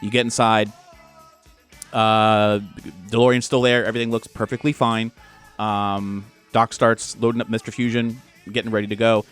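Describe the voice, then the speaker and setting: A man's voice: fairly low pitch, little pitch movement, moderate pace, fairly bright tone, clean tone, faint music behind. A man narrating as game master of a tabletop role-play, in a loose, filler-heavy way.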